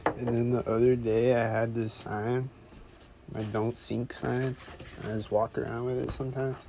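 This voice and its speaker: Recorded outside near passing traffic, a podcast host wanders through a profane story in a casual monologue. His medium-pitched voice is creaky, a bit slow, and barely moves in pitch, though he gets louder when quoting others.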